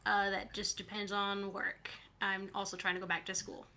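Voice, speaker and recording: A woman's voice: medium pitch, level tone, normal speed, sharp tone. Hesitant young-sounding woman player. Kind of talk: casual stream outro.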